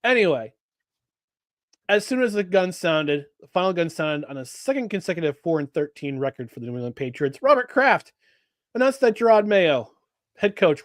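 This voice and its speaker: A man co-hosts a sports podcast in a fairly high, lively voice. He talks with sarcastic energy and reads statements aloud in a mocking way. The sound is dry and close. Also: dry recording. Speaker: podcast co-host. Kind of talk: casual sports podcast talk.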